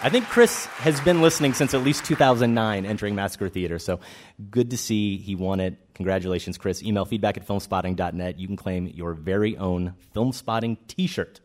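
Male co-host, lowish voice, playful live banter. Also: a little fast, a faint crowd, a little hiss or hum. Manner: playful, self-deprecating. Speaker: podcast co-host. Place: live stage before an audience.

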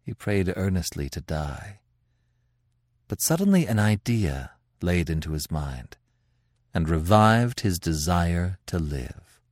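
A man hosting a podcast, narrating a classic tale in a dramatic, expressive reading with swelling emphasis. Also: low voice, takes it slowly, no room sound, studio quality.

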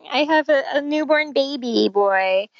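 A woman in her forties, a podcast guest telling a personal story in a lively, casual way and laughing often. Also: high-pitched, slow, dry recording, lo-fi sound.

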